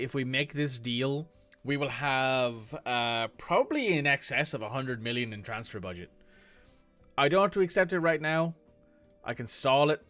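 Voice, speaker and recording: A man's voice: mid-range voice, fairly bright tone, clear, resonant tone. A man casually commenting as he plays a football management game, thinking aloud and reacting to the match. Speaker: gaming streamer. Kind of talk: casual let's-play commentary.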